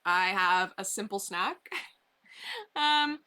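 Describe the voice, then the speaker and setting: Brief: chatty woman streamer with a bright, sharp voice, casual and rambling, talking to viewers from her basement. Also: mid-range voice, animated, drawn-out words, smooth. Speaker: livestreamer. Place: basement bedroom.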